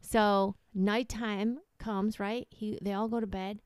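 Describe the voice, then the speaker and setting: Podcast co-host, female, rambling storyteller with a smooth voice, dry close sound. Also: medium pitch, little pitch movement, slow pace, no room sound. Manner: rambling storyteller, acts out characters loudly. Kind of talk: casual chat, telling a long joke.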